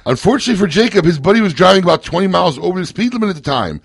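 A man's voice: sits high, sing-song, very fast, creaky, slightly rough. A man hosting a casual radio talk show, joking, laughing often and telling stories with energy. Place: radio studio.

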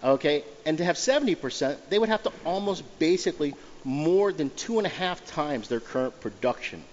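A man's voice: a little high, expressive, fairly quick, slight background noise. A man in his fifties telling a story animatedly as a guest in casual podcast chat, laughing often. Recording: dull sound in a reverberant room.

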